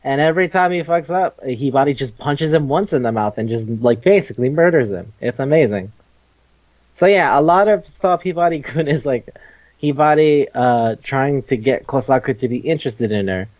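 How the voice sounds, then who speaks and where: A man's voice: medium pitch, normal speed, darkish tone, no echo. Podcast host, male, loose and rambling, laughs a lot, swears freely, dull lo-fi dry sound. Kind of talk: casual manga review chat.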